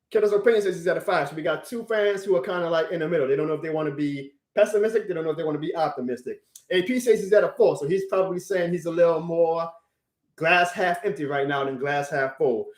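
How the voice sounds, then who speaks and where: Guy venting on his stream, gets loud then sighs, high voice, roomy echo. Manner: emotional venting, swinging from loud outbursts to subdued sighs. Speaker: sports fan streamer. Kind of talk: live stream rant.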